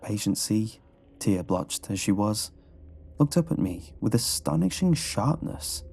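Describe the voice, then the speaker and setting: A man giving scripted horror narration in a low, measured storytelling manner. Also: sing-song, creaky, a little mellow, slightly rough. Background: faint background music.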